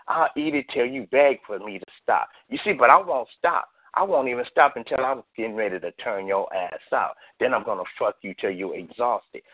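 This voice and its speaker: A man's voice: medium pitch, dry recording. A man from the US West Coast, a guest poet reciting a boastful spoken-word piece in a rhythmic delivery. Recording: tinny phone line.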